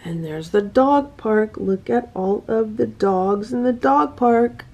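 A woman reads a children's picture book aloud to her cats in a gentle, sing-song way, pausing to point at the pictures. Her voice sits on the high side and she takes it slowly.

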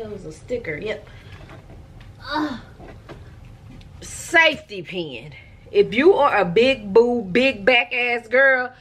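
Chatty woman vlogging from home. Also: on the high side. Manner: animated, talks straight to viewers. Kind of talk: casual chat to camera. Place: at home, indoors.

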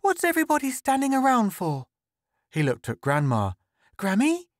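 A loud, high, breathless young boy in a storybook, shouting. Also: wildly swooping pitch, moderate pace, no echo, studio quality, full character voice. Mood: puzzled. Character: excited young boy playing rocket.

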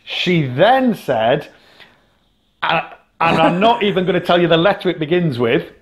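Animated, laughing British man. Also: fairly high pitch, a little slow. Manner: animated storyteller, laughs often, many restarts. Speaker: podcast co-host. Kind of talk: casual chat.

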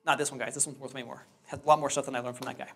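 A man in his thirties, a real estate trainer, telling his personal story to a live class with candid, animated quoted dialogue. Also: mid-range voice, racing, husky. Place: training room with hard floor.

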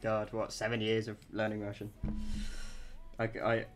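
A man's voice: fairly low pitch, monotone, normal speed, soft background music. A young man commentating casually on a live game stream, chatty and self-mocking.

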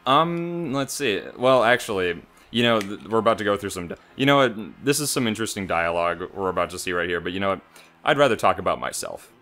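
A man's voice: on the low side, lively intonation, fast talker, bright, forceful tone. A man in his mid-twenties co-hosting a casual gaming let's play, rambling and hesitant, with a self-deprecating manner. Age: mid-20s.

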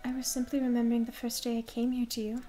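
A woman's voice: on the high side, completely flat delivery, fast talker, dark tone, a little hiss or hum, close to an everyday voice. A woman voicing a devoted young female dancer who speaks in a formal, pleading, earnest way.

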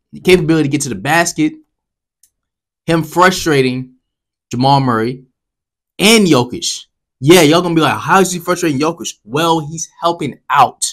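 A man giving a casual basketball commentary rant as a vlogger, talking straight to his viewers and swinging from low mutters to loud outbursts. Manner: heated, talks straight to viewers.

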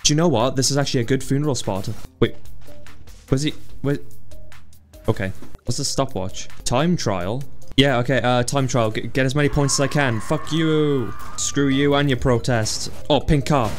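A young man giving casual gameplay commentary, jumpy and excitable, swearing a lot and yelling at the game. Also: mid-range voice, moderate pace, faint music behind. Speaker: gaming video creator.

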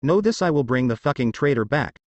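A man's voice: medium pitch, lively intonation, fairly quick, dry recording, muffled recording, natural voice. A man reading as a vengeful young ninja prankster. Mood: menacing.

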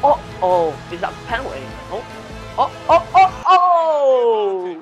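A man taunting his opponent over a voice call in a relaxed, teasing way. His voice is fairly high and lively in pitch, with music clearly playing behind. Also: moderate pace. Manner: teasing, laid-back banter.

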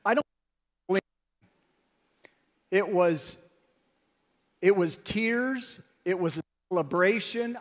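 A pastor with a high voice delivers a sermon slowly and deliberately, telling stories expressively and with emphasis. A long reverb carries his words across a large church hall.

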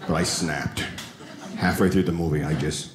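A man doing a stand-up comedy set on a club stage, telling stories with animated delivery and high shouted quotes. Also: normal speed, echoey room, background noise. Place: comedy club stage before a live audience.

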